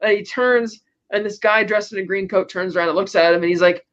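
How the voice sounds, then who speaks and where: A man's voice: sits high, steady tone, fairly quick, fairly bright tone, highs cut off. A man co-hosting a podcast, retelling a movie scene by scene in a loose, rambling way and paraphrasing the characters' lines. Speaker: podcast co-host. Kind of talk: casual movie recap.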